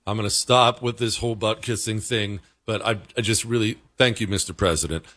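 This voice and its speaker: Low-voiced man, dry emphatic commentary. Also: a little fast, dry recording. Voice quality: conversational, emphatic, excitable pitch jumps. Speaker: commentary show host. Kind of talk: casual political commentary.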